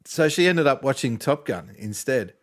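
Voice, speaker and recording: A man's voice: medium pitch, big pitch swings, normal speed. A man chatting on a gameplay stream, telling stories in a wry, joking way. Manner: wry, jokey storyteller. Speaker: streamer co-host. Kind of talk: casual chat during a gameplay stream.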